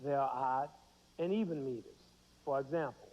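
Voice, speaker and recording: This music lesson for kids comes from a U.S. man in his thirties speaking in a mid-range voice at normal speed. He questions the class and answers himself, and the recording has the dull quality of a 1990s TV broadcast.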